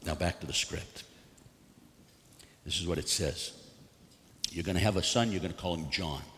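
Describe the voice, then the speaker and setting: A man preaching a sermon and reading scripture aloud, swinging between loud bursts and hushed, earnest moments. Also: low voice, moderate pace, a little hiss or hum. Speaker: pastor. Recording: long hall reverb.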